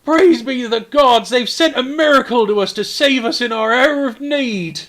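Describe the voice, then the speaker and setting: A man voicing a frazzled, wounded middle-aged male mayor who speaks high and breathless. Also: very animated, moderate pace. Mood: fervent.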